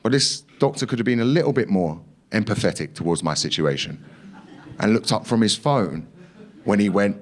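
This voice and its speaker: A man's voice: fairly low pitch, expressive, moderate pace. A young man performing a stand-up comedy set, telling a story in a punchy way, acting out quotes and swearing as he goes. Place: comedy club stage.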